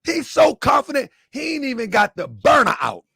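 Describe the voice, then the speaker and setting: A man's voice: extremely high pitch, wildly swooping pitch, normal speed, creaky, bright, forceful tone, slightly rough, dry recording, raised voice, studio quality. A man giving a mocking commentary vlog, asking rhetorical questions and laughing often. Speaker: online commentator.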